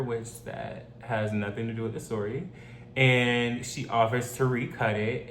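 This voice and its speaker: A man reading a story aloud and reacting to it in casual commentary, blunt and opinionated with joking asides. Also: mid-range voice. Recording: roomy echo, faint hum.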